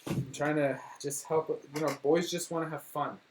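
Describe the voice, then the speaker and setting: A man's voice: a little high, fairly even intonation, normal speed, noisy background. A young man chatting casually on a livestream from home, rambling and joking at his own expense. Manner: rambling, joking, self-deprecating. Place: home room.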